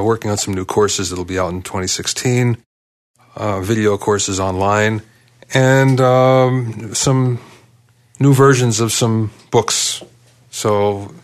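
A man co-hosting a podcast, chatting in a relaxed, matter-of-fact way about his studio work. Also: lowish voice. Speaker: music producer, podcast co-host. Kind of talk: casual chat.

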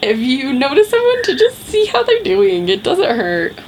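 A woman's voice: very high-pitched, very animated, normal speed, vocal fry, a little hiss or hum. A woman hosting a podcast interview, chatting casually in a reflective, encouraging way. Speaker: podcast host.

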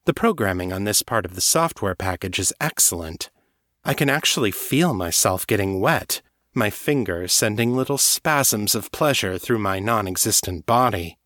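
A man narrating a first-person audiobook story in a measured, even reading. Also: lowish voice, no echo, studio quality.

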